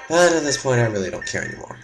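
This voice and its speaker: A man's voice: medium pitch, sing-song, rapid-fire, rough recording. A young man narrating his gameplay, muttering and swearing to himself in frustration. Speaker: gameplay commentator. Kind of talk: let's play commentary. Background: game music.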